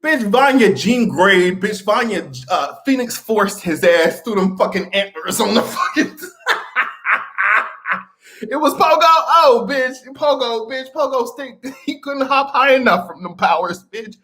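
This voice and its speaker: A man's voice: extremely high pitch, lively intonation, measured pace, bright, forceful tone. A man hosting a pop-culture commentary livestream, ranting with heavy profanity and frequent laughter. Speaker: livestream host.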